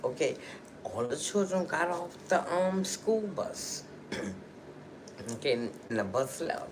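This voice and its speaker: Chatty woman telling a story, slow. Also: deep voice, expressive, noisy background. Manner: chatty, emotional, lots of "you know" and "okay". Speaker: livestream host. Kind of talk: casual storytelling to viewers.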